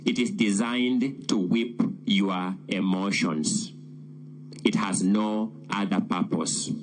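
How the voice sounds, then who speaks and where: A man, a lawyer making a formal, measured, emphatic legal submission to senators. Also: lowish voice, steady tone. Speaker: defense lawyer addressing the Senate.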